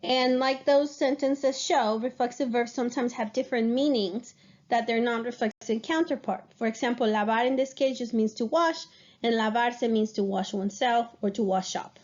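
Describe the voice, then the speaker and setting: A woman's voice: fairly high pitch, normal speed, a little mellow, muffled recording. A woman teaching Spanish grammar to a class, explaining patiently and checking in with her students.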